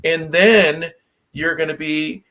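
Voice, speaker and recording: A man's voice: a little high, steady tone, slow pace, sharp tone. A man hosting a sports talk radio show, reflecting and retelling a film scene to his guest. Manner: reflective, telling a film anecdote.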